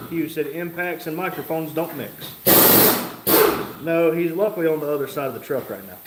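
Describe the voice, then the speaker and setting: A man with a slightly high voice hosts a live stream, reading viewers' comments and tossing in dry, joking remarks. He sounds like he's in a roomy, echoey garage, with a faint hiss of noise underneath. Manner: joking, wry asides while reading comments aloud. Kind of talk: casual live-stream chat.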